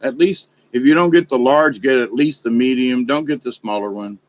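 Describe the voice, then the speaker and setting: A man's voice: medium pitch, normal speed, lo-fi sound. A man talking in a casual, rambling vlog monologue, folksy and chatty. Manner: folksy, chatty, animated in retold exchanges. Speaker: vlogger.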